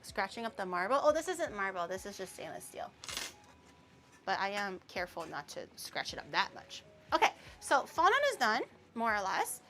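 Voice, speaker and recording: A woman's voice: medium pitch, sing-song, normal speed, pushed and bright. A woman streamer chatting casually and rambling while she bakes, laughing often. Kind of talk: casual live-stream chat while baking.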